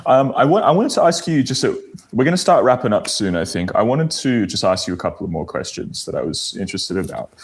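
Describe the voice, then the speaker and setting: Aussie podcast host, pretty low voice but swings all over, jokey and friendly. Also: male voice, fast. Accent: Australian. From Australia. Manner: friendly, joking, lively questioning. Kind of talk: casual podcast interview.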